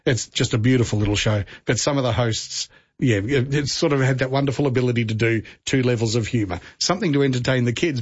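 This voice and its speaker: A man's voice: medium pitch, husky, no room sound, muffled recording. An Australian man hosting a radio show in casual banter, chatty and prone to restarts. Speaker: radio host.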